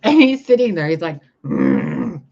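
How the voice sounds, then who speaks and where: Animated, foul-mouthed woman vlogger. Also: low-pitched, normal speed. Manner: animated, swears freely, laughs through stories. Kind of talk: casual storytelling vlog. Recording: dull lo-fi recording.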